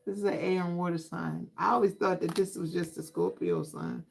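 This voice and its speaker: A woman's voice: on the low side, big pitch swings, moderate pace, vocal fry, darkish tone, slight background noise, rough recording. A sassy, talkative woman in gives a tarot reading on a casual livestream. She speaks straight to the people watching, with an easy, conversational flow. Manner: chatty, sassy, talks straight to viewers. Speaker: tarot reader.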